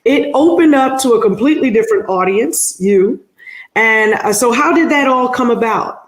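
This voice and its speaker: Brief: woman interviewer, relaxed and chatty, roomy echoing sound. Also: fairly high pitch, normal speed. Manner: easygoing, laughs and nods along. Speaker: podcast host. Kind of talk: conversational interview hosting.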